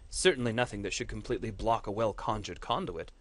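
A man's voice: on the low side, no echo. Man reading a fantasy story aloud. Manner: measured, dramatic storytelling delivery. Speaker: course instructor.

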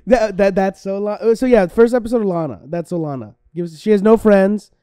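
A high-pitched man co-hosts a casual comedy podcast with a mellow, smooth tone. He giggles a lot, stumbles over his words and keeps firing off questions, recorded dry and close. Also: normal speed, no room sound. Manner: giggly, stammering, asks lots of questions. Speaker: podcast co-host.

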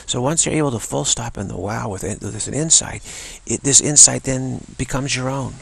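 A man giving an unscripted spiritual talk, halting and repeating words between pauses. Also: mid-range voice. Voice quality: gravelly, husky. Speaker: spiritual teacher.

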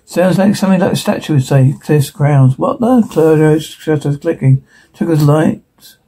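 Gravelly man voicing a whole cast. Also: a little high, normal speed, mellow, rough recording. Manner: switches between characters, reads sound cues aloud. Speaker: voice performer. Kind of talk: solo dub of a TV scene.

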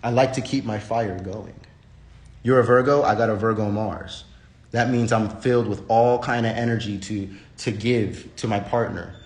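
Speaking at normal speed in a lowish, steady, somewhat mellow voice, a man rants casually on his livestream. He's blunt and profane, rambling and restarting often, and the recording has a roomy echo.

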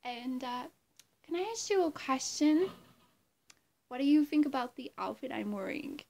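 A woman doing an impression of a bubbly young female pop star, speaking slowly and sweetly. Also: high voice, lively intonation, creaky, warm tone, exaggerated voice. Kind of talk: celebrity impression.

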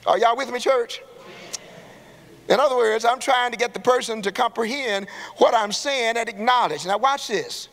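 A man preaches a sermon in a church sanctuary. His voice sits very high and sounds bright and forceful. A long hall reverb trails every phrase, and he calls out to the congregation and rises to shouts. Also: normal speed. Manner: call-and-response preaching, rising to shouts.

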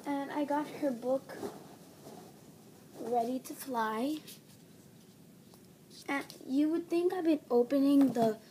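High, gushing female vlogger, noisy home audio. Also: slow pace, long pauses. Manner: gushing, gasping, breathless excitement. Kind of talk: excited doll unboxing vlog. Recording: home recording with background noise.

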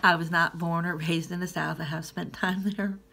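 A woman from Gloucester, Massachusetts, with a Gloucester accent, giving her opinions in a casual vlog. Her voice sits very low with a gravelly edge. She rambles and laughs between her phrases. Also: flat delivery, normal speed, pushed and bright. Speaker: vlogger.

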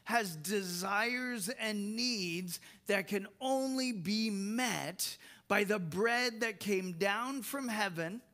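A man preaching a sermon as pastor, slow and emphatic, with soft laughs and repeated words. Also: high voice.

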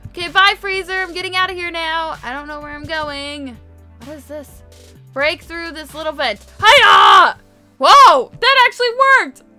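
A woman giving casual gameplay commentary, chatty and excitable, quick to gasp and exclaim. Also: high-pitched, soft background music. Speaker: gamer, video host.

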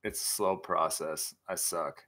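A young livestream host with a deep, steady voice that sounds pushed and bright talks a little slowly during a casual chat. A bit tipsy on scotch, he rambles, swears, laughs, and tells stories while reading the chat.

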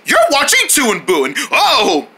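Excitable loud skit host. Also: slow pace, a little hiss or hum. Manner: loud, excitable and bouncing in pitch. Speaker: host of a toy skit show. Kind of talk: comic toy skit with many voices.

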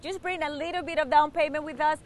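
A woman's voice: high-pitched, fairly even intonation, fast talker. A woman with a Spanish accent co-hosting a car dealership ad, bubbly and upbeat, switching between English and Spanish. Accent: Spanish-speaking, mixes in Spanish. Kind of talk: live car sales pitch.

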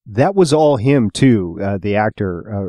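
A man's voice: lowish voice, animated, unhurried, dark tone, no echo. A man co-hosting a podcast, chatting casually about films and sharing trivia with a laugh. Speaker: podcast co-host.

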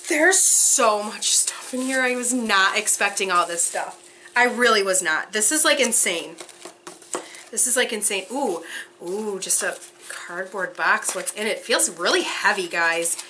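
A young woman vlogging an unboxing, gushing with breathless excitement and frequent gasps. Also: medium pitch, a little slow, slight background noise.

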